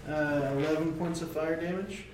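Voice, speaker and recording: A man's voice: fairly high pitch, fairly even intonation, moderate pace. A man playing a tabletop game, talking hesitantly and casually with many fillers. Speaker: player. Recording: echoey, distant, with clear noise.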